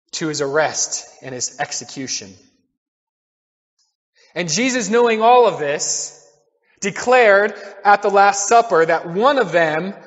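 A man with a high voice preaches a sermon in a church, earnest, rising to loud declarations and dropping to quiet asides. The sound is dull and muffled, with a long reverb from the hall around him. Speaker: pastor.

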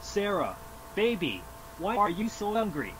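Tts guy voice as a high, spiteful cartoon boyfriend. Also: wildly swooping pitch, a little slow, a bit bright, slight background noise, full character voice, low-quality recording.

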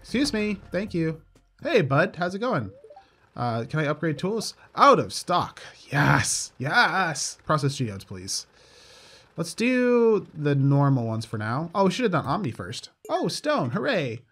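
A man's voice: fairly high pitch, sing-song, measured pace, breathy edge. A man casually commenting on his gameplay, upbeat and chatty with dry sarcastic asides. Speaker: let's play host.

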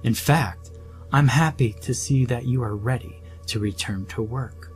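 A man's voice: medium pitch, a little slow, soft background music, close to an everyday voice. Man playing a smug, sarcastic scheming doctor.

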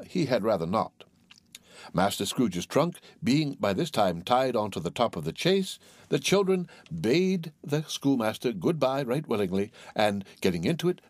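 A man reading a classic novel aloud as an audiobook narrator, in an animated, theatrical way. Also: medium pitch, no echo.

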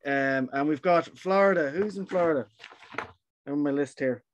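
A man's voice: fairly high pitch, moderate pace, lo-fi sound, slight background noise. A friendly, informal man hosting an online gathering over a video call. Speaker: event host.

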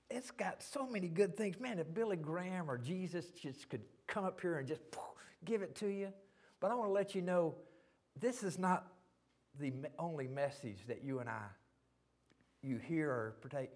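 Folksy Southern preacher, fervent. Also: male voice, a little high. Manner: fervent, folksy, peppered with hallelujahs. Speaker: pastor. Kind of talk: sermon. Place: church sanctuary.

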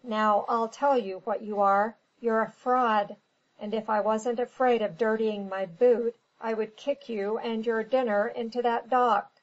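A woman's voice: on the high side, steady tone, a little slow, dull audio, natural voice. A woman reading a storybook, voicing an impatient, snappish American businessman. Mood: angry. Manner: snappish, blustering.

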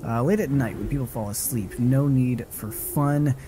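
A man's voice: medium pitch, moderate pace, dark tone, a little hiss or hum. Foul-mouthed jumpy man playing horror. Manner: profane, jumpy, talks back at the game. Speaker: gaming streamer. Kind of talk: live horror gameplay commentary.

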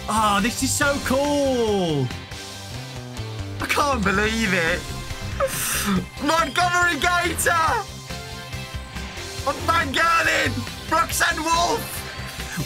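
A young British man giving excitable let's-play commentary, often shouting and exclaiming. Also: very high voice, slow, pauses often, music in the background. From Britain. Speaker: gaming YouTuber.

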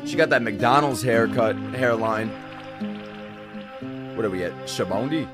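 A young man hosting a casual anime reaction video, excitable and laughing often, with plenty of swearing and exclamations. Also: fairly low pitch, measured pace, music in the background. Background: faint anime soundtrack playing.

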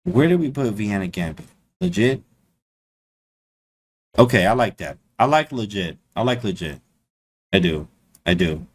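A man streaming casually to his chat, slangy and animated, repeating his phrases. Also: on the low side, unhurried, long pauses. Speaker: chess streamer.

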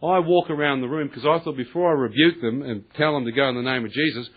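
Male preacher, husky voice on a tinny recording, tells his story with lively acted-out dialogue. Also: mid-range voice, fast talker. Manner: animated storyteller, acts out voices, laughs often, colloquial. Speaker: preacher giving testimony. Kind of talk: testimony sermon.

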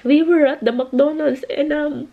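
A woman in her thirties vlogging casually to her viewers, halting and emotional, close to tears. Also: high voice, steady tone, creaky, phone-quality sound, a little hiss or hum. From United Kingdom. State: crying. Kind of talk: casual family vlog.

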